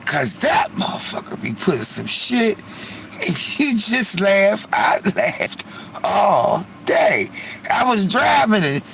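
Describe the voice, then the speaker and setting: A man's voice: high voice, slow pace, gravelly, a little hiss or hum, low-quality recording. A man hosting a livestream, telling gossipy stories in a casual chat to his viewers, cursing freely and laughing often. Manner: animated gossipy storytelling, frequent laughter. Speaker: livestream host.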